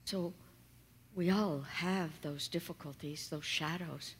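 A woman minister preaching a sermon, talking softly and slowly and sometimes dropping to a whisper. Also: sits low, steady tone, husky. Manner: soft and slow, dropping to whispers.

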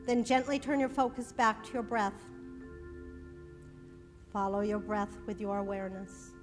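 Slow, soothing woman minister. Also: medium pitch, flat delivery, big-room sound, over music. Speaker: minister leading meditation. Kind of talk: sermon with guided breathing meditation.

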